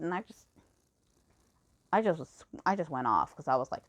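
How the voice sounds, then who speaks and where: A woman's voice: mid-range voice, wildly swooping pitch, fast. A young woman tells a story from her own life in a loose, casual rant. She swears constantly and gets heated as she talks. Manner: profane, heated ranting. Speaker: fan reader.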